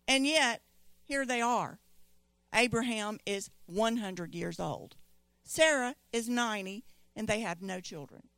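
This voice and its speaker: Slow-paced woman preaching. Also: a little high, no room sound. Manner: storytelling, animated quoting of scripture voices. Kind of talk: sermon.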